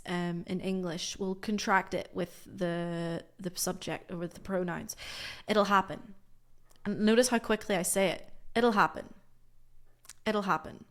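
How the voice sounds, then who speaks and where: A young woman teaching an English lesson live online. She explains in English and Spanish and says example phrases slowly. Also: mid-range voice. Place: lives in Cantabria, Spain.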